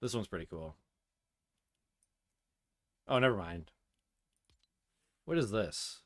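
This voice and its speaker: A man streaming a video game, chatting casually and muttering to himself between loud outbursts. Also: on the low side, expressive, slow pace, no echo, studio quality. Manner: swears and laughs loudly at game moments, mutters otherwise. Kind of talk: casual gameplay commentary.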